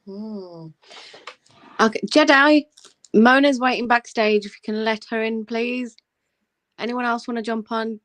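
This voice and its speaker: A fairly high-pitched woman hosts an open livestream panel in relaxed chat. She teases and jokes, switching quickly between guests over a video call. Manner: playful, teasing, jokey.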